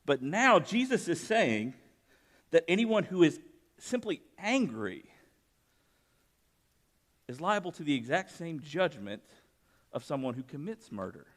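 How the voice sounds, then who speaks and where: A man's voice: a little high, very animated, measured pace, pauses often, fairly bright tone. A man preaching a sermon, mixing scripture reading with personal stories and raising his voice for emphasis. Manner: conversational preaching with personal anecdotes, rising for emphasis. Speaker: pastor.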